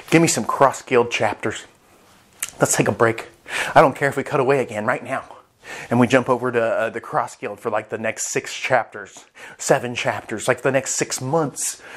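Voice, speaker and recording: Man, casual vlog reviewer, rambling, excitable, profane. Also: mid-range voice. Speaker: anime chapter reviewer.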